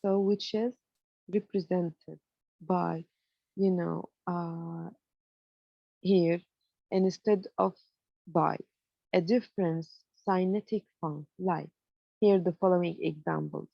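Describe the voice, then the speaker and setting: Speaking slowly with a steady tone, vocal fry, and long pauses, a fairly low-voiced woman lectures on English grammar. She builds each point step by step, says "you know" often, and checks understanding with "okay?"; the recording is muffled, without echo.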